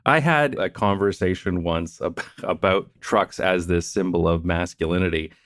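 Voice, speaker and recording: A man with a very low voice talks through his ideas at an even, measured pace, chuckling now and then. His voice sounds dry and near the mic, with no room around it. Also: dry recording. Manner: explanatory, measured, laughs between points. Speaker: podcast host. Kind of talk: casual interview chat.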